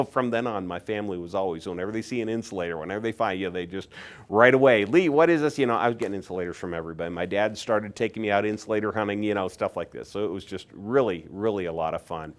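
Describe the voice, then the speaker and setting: A man in his sixties from Pennsylvania, telling casual stories about collecting as a hobby in a lively way and acting out what other people said. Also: deep voice, quick pace. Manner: animated, acts out what others said, chuckles. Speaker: insulator collector. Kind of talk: casual storytelling.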